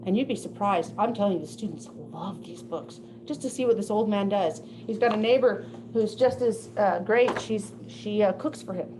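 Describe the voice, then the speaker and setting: An older woman giving a presentation to teachers, telling classroom stories in a lively way and laughing often. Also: medium pitch, moderate pace, few pauses, noisy background. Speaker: teacher of deaf students. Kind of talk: presentation to educators.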